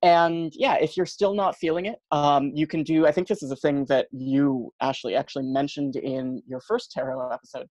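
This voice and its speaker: A man's voice: on the high side, fairly even intonation, normal speed, hardly any pauses, a little mellow, dry recording, low-quality recording. A man, a podcast guest, chatting casually and explaining at length with many ums and you-knows. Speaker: podcast guest, tarot practitioner.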